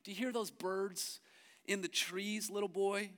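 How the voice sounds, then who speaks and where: A man's voice: high-pitched, fairly even intonation, measured pace, voice pushed up. A man voicing a mocking giant warrior who taunts a boy in a sneering, sing-song way.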